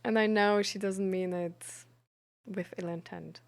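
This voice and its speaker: A woman streamer and peer support coach, chatting frankly and reflectively with her audience, pausing often with fillers. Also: medium pitch, steady tone, vocal fry. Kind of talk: casual live-stream chat about mental health.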